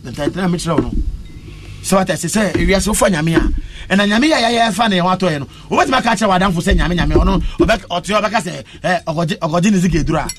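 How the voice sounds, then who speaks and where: A woman's voice: fairly low pitch, quick pace, slightly rough. A Ghanaian woman musician, a guest in a casual interview, mixes English and Twi and often breaks into chanting and song.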